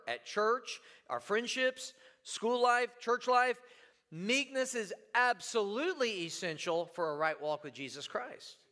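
Guy pastor preaching, bright sharp voice, lots of "right?" and repeats, long church echo. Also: high voice. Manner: conversational, repeats words, asks the room "right?". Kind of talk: sermon.

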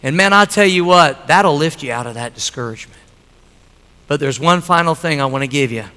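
A man preaching a sermon, telling stories and building to loud, emphatic passages. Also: fairly high pitch, animated, a little fast, clear, resonant tone, long reverb tail.

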